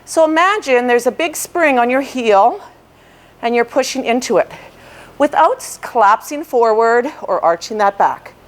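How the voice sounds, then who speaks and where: A woman's voice: a little high, animated, moderate pace. A woman fitness instructor guiding a ball workout, cueing form and counting reps while she exercises along, a little out of breath.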